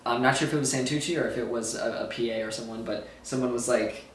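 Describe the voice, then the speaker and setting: A man's voice: medium pitch, steady tone, fast talker, a little hiss or hum. Young male vlogger, groggy and giggling as he rambles, recorded at a distance from the mic. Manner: rambling, giggly, loses his thread. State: sore throat, groggy after surgery. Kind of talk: casual storytelling vlog. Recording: echoey room, a bit far from mic.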